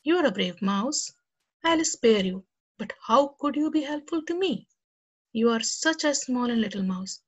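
A woman voicing a proud male lion, king of the jungle, in a slow, booming storybook voice. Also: animated. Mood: amused.

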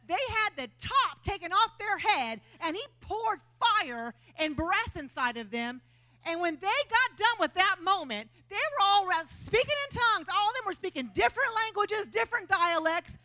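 High, bright-voiced woman preaching animatedly. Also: normal speed. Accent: Texan. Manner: animated, conversational preaching with acted-out quotes. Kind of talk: sermon. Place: church.

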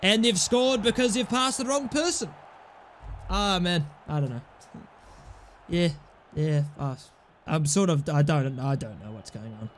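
A young man hosts a gaming channel, narrating his own play casually in a voice on the high side. He sounds exasperated and sarcastic and swears often, with slight background noise behind him.

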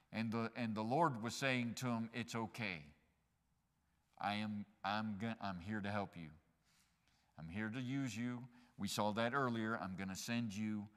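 A male pastor preaching in an animated way, climbing to loud emphatic peaks and tossing joking asides to the congregation. His voice is bright and forward. It rings out with a long reverb through a church sanctuary. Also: mid-range voice, smooth. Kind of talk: sermon.

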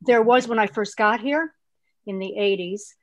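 Woman, actress guest, casual chat, rambling, restarts a lot, mid pitch, dry sound. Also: a little slow, no echo, dull audio. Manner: animated, rambling storyteller with many restarts.

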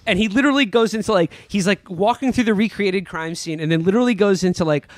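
A man co-hosting a comedy podcast, sarcastically recapping a film with animated storytelling. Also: high-pitched, quick pace, no room sound. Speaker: podcast co-host. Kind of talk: comedic casual movie recap.

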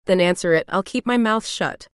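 A woman voicing a calm, protective man who speaks earnestly in an audiobook. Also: lowish voice, moderate pace, clean tone, no room sound, clean studio sound, close to an everyday voice.

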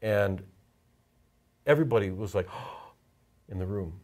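A man, a portrait photographer, telling stories in a casual interview, halting and repeating words as he gets emotional. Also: on the low side, a little mellow.

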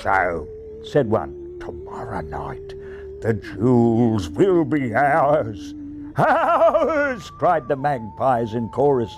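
A man voicing a gang of cruel, gloating magpie thieves who cackle and shout, in a storybook reading. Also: medium pitch, expressive, slow, music in the background.

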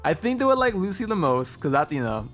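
A fairly high-voiced man chats casually while he plays a game on stream. He tells stories with a lot of energy, laughs often and keeps saying bro. Faint game music plays behind him. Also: very animated, fast talker. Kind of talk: casual gaming stream chat.

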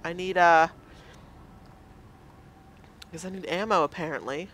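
Nervous slow-talking woman gamer. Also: lowish voice, a bit bright. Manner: nervous, self-mocking, talks to the game. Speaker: let's play gamer. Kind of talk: casual game commentary.

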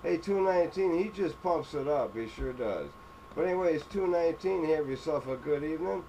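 A man's voice: fairly high pitch, expressive, normal speed, mellow. A man from upstate New York chatting on CB radio, drawing out his call signs and sign-offs. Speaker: CB radio operator. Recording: noisy radio recording with clicks.

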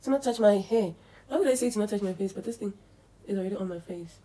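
A woman's voice: mid-range voice, fast, mellow. A young woman from South Africa, chatting casually and nervously to camera in a home vlog, thinking aloud as she goes. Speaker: beauty vlogger. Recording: echoey room.

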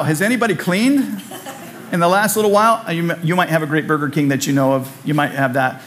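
A man's voice: on the high side, a little hiss or hum. A man preaching a sermon in a church, conversational and repetitive, with humorous asides. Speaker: pastor. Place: church sanctuary.

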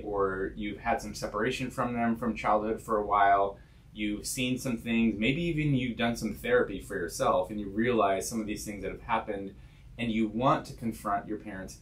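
A man's voice: fairly low pitch, fairly bright tone. A male podcast host chatting casually in an upbeat, joking way.

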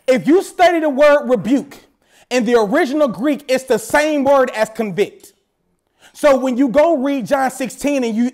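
A man preaching a sermon as pastor at a church service, animated, with playful asides. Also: very high voice.

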